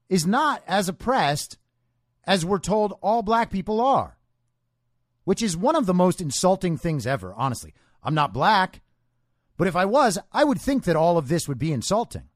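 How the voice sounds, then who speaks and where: A man hosts his own podcast in a forceful, opinionated monologue, throwing out rhetorical questions. His fairly high voice rises and falls in animated swings. The sound is dry and close to the mic. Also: no room sound. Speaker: podcast host.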